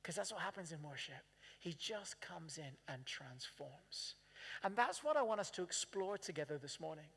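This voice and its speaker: A man's voice: on the high side, animated, moderate pace, gravelly, sharp tone, breathy edge. A man preaching a sermon, chatty and full of questions to the congregation. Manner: chatty, asks the congregation questions, acts out quotes. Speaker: pastor. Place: church. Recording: long reverb of a church hall.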